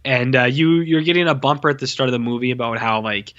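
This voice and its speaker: A man in casual podcast chat, tearing into a movie with blunt, profane complaints. His voice is getting a little hoarse, and the recording sounds dull and lo-fi. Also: mid-range voice, fast, fairly bright tone. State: voice going hoarse. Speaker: podcast co-host. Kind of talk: casual film review chat.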